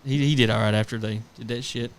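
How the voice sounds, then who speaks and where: A man's voice: lowish voice, fairly even intonation, fast talker. A man, co-hosting a casual podcast and telling rambling, profane stories about his family and his job. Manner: profane, rambling storyteller who acts out family anecdotes. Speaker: podcast co-host.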